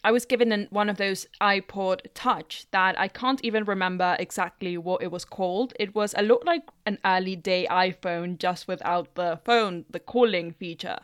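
Smooth-voiced blunt woman vlogger. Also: mid-range voice, normal speed, few pauses, no echo, studio quality. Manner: blunt, opinionated. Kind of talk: opinion commentary.

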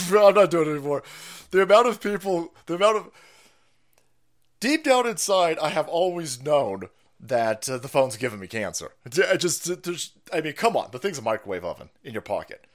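A middle-aged man hosting a livestream, ranting in a loud, foul-mouthed, rambling way and laughing easily. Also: fairly high pitch, expressive, moderate pace. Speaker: stream host. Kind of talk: profane ranting livestream monologue.

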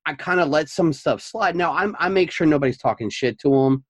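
A man co-hosting a casual podcast, chatting as a father of young kids and telling stories in an animated way. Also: on the high side, brisk, dry recording. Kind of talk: casual chat.

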